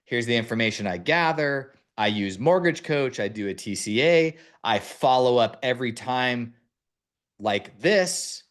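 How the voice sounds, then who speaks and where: A man's voice: medium pitch, animated, unhurried, fairly bright tone. A man hosting a mortgage-business podcast, coaching listeners step by step in an instructive way. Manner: instructive, lays out steps one by one. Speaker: mortgage branch leader and podcast host.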